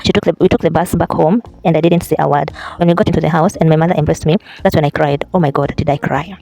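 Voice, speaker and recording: A vlogger casually chatting, then reading a book aloud in a halting way, restarting and correcting words. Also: medium pitch, steady tone, vocal fry, mellow, faint music behind, low-quality recording. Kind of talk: casual vlog and unpolished read-aloud.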